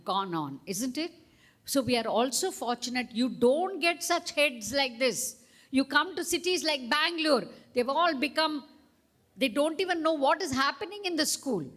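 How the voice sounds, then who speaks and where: A middle-aged woman with an Indian English accent, a storyteller giving a speech at a school event and drawing the crowd into call-and-response. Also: high voice. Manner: slow, animated, coaxing the crowd. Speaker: storyteller and guest speaker.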